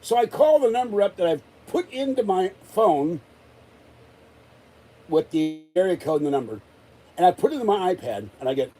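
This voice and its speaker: A man's voice: sits high, very animated, moderate pace, long pauses, mellow, slight background noise, poor audio. A man ranting in a rambling, exasperated way during a casual live-stream chat, still recovering from an illness. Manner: exasperated, rambling rant with many restarts. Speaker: vlogger.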